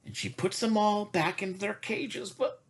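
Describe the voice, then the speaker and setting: A woman reading a picture book aloud to young children in a gentle, sing-song storytelling manner. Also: mid-range voice, moderate pace. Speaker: storytime reader.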